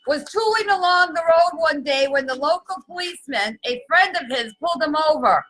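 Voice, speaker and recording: A woman's voice: extremely high pitch, a little fast, few pauses, poor audio. A woman hosting a casual holiday chat, joking and laughing as she talks, with music playing behind her. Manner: giggly, animated, keeps breaking into laughter. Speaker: host.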